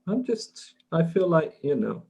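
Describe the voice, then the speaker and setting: A man with a husky voice that swoops widely up and down, playing a tabletop game. He talks hesitantly with many fillers and pauses. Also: a little high, sing-song, darkish tone, lo-fi sound. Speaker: player. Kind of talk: casual tabletop game chat.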